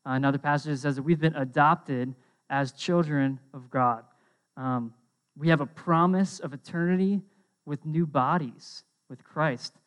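A young man preaching a casual sermon, conversational and animated, often checking in with his listeners. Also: a little high, unhurried. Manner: conversational, lots of "um" and "right?"; animated storytelling.

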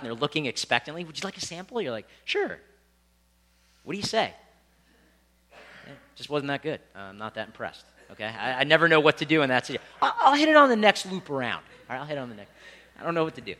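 A young man preaching a sermon, telling stories with lots of asides and animated delivery. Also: a little high. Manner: animated storytelling with asides and laughs.

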